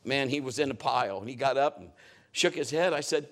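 A middle-aged man preaching a sermon, telling a story with lively shifts and acted-out voices. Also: mid-range voice, fairly quick, a little hiss or hum. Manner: animated storytelling, acting out voices and shouting at peaks. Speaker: pastor.

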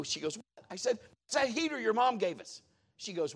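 A middle-aged man preaching a sermon as a pastor, telling a story with lively, acted-out quotes that jump high and low. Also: normal speed, gravelly, slightly rough. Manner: animated storytelling, acts out quotes with big pitch jumps.

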